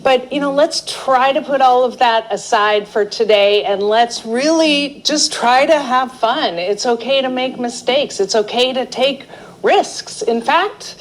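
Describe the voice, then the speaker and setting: A middle-aged woman teaching a live art therapy class, telling a personal story in a chatty, animated way. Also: fairly high pitch, unhurried, low-quality recording. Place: indoor class or seminar room.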